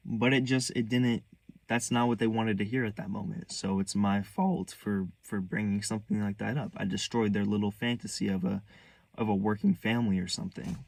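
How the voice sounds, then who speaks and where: A young man telling a painful personal story in a candid, halting way, restarting sentences, earnest and hurt. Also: lowish voice, steady tone, vocal fry, a little mellow, no room sound. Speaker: vlogger.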